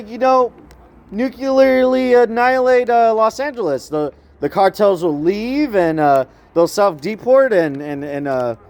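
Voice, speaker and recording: A man's voice: sits high, a little mellow. A man vlogging in a rambling, casual monologue, tagging his lines with "eh?" and laughing often.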